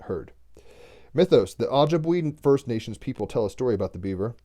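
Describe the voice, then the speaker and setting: A man's voice: mid-range voice, expressive, a little fast, dark tone. A man giving a casual daily card reading, reading aloud from a text and breaking in with chatty astrology asides. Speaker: oracle card reader.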